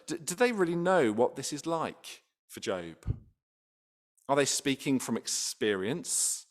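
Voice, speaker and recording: In a church, a man with a medium-pitched voice preaches a sermon in a conversational way. He often restarts his sentences and poses rhetorical questions.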